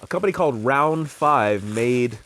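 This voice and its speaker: A man chatting excitedly as he unboxes a package of collectible toys, exclaiming at each find. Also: medium pitch, moderate pace. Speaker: toy collector vlogger. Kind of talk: casual unboxing chat.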